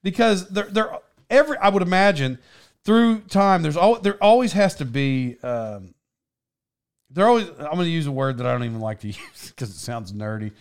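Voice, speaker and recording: Gravelly rambling male storyteller. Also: a little high, lively intonation, normal speed. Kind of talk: casual chat.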